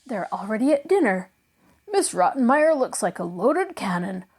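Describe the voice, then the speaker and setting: A woman's voice: on the high side, sing-song, normal speed, a little mellow, breathy edge. A woman voicing an impatient male household servant urging a child to hurry. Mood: urgent. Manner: urgent, impatient.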